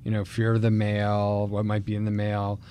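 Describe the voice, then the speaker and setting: A man hosting a casual radio talk show, teasing his co-host and chiming in with quick remarks and laughs. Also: lowish voice, completely flat delivery, mellow, a little hiss or hum. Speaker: radio host, treatment center head.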